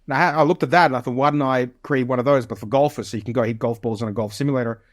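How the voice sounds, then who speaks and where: A man's voice: mid-range voice, steady tone, rapid-fire, no echo. Forties guy from the soviet union, guest on a podcast, lots of um and uh, dry close mic. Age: 40s. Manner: rambling, many fillers and restarts. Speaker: podcast guest, business founder. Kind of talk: casual interview storytelling.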